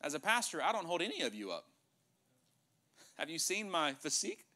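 A male pastor preaching a sermon in a church, animated, joking with the congregation and acting out dialogue. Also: fairly high pitch, fairly quick. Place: church sanctuary.

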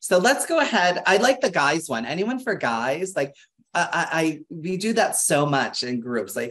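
An educator leading an interactive online workshop over a video call, talking in a lively, chatty way with restarts and fillers. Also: normal speed. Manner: acts out quoted people with big pitch jumps. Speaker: webinar presenter and educator.

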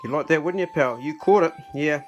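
Casting note: New man, fairly high-pitched, casual farm vlogger who chats to his animals, faint music underneath. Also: brisk, muffled recording. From New Zealand. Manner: talks to his dogs and ducks in a coaxing, commanding way. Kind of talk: casual outdoor vlog.

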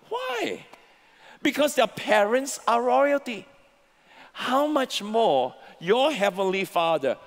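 High-voiced preaching pastor in a big hall. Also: male voice, a bit bright. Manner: preaching, leads congregation in call-and-response. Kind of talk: sermon. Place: large church auditorium. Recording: long hall reverb, church sanctuary.

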